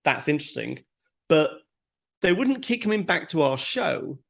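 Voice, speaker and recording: A man's voice: on the high side, moderate pace, vocal fry. A middle-aged man co-hosting a podcast, chatting casually and acting out little quotes as he makes his points. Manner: animated storytelling with acted quotes. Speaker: podcast co-host.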